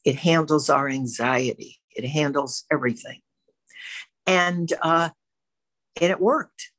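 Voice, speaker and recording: A woman's voice: deep voice, slow, a bit bright, no room sound. A woman telling her personal recovery story in a candid, self-reflective way, as a member of a twelve-step program speaking to a camera. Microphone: facing a camera.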